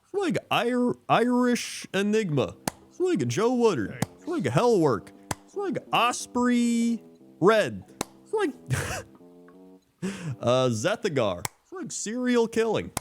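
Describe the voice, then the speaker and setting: Male streamer, animated delivery with swooping pitch, laughs between bits, casual chat. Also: slow pace, faint music behind. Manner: animated, laughing, reading out usernames.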